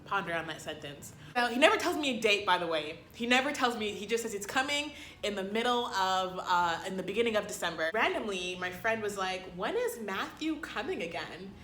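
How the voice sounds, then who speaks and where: A young woman telling a storytime vlog in a sassy, dramatic way, with sudden loud outbursts. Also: medium pitch, lively intonation, brisk, slight background noise. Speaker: vlogger. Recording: echoey room.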